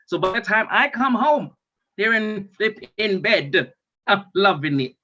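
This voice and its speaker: A man with speech, doing a stand-up comedy monologue in an animated way, with loud outbursts and swearing. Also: high-pitched, unhurried, a little hiss or hum. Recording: dull lo-fi stream audio.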